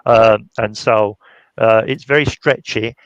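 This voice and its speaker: A man's voice: lowish voice, steady tone, slow, clean tone, no echo, muffled recording. A man, chatting casually and jokingly as a guest while he shows his handmade puppet. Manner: chatty, jokey, demonstrating by hand. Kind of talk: casual chat on a live stream.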